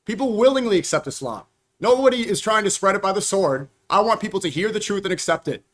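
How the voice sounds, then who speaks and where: A young man speaks fast in a heated debate, his voice sitting a little high. He stays insistent and keeps steering the talk back to what he actually said. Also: animated, fairly bright tone.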